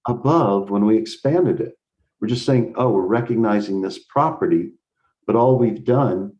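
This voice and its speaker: A man's voice: lowish voice, warm tone. An American man teaching a live math lesson over a video call, explaining with enthusiasm and thinking aloud as he goes. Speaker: instructor.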